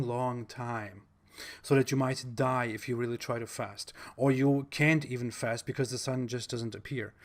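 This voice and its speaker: A man with a German accent hosting a video, talking in a blunt, mocking monologue with pauses and fillers. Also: mid-range voice. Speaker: video host.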